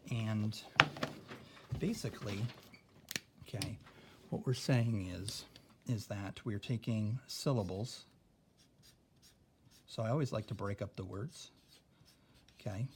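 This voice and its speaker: Male teacher, lowish voice, patient step-by-step explainer, keeps asking "okay?", light background noise. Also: darkish tone. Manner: explains slowly, adds "okay?" often. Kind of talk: recorded spelling lesson.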